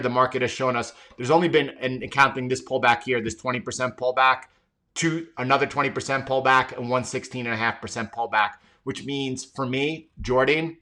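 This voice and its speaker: A man's voice: medium pitch, bright, forceful tone. A man hosting a live trading stream, talking emphatically and often repeating and restarting his words. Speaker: trading livestream host. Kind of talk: live market commentary.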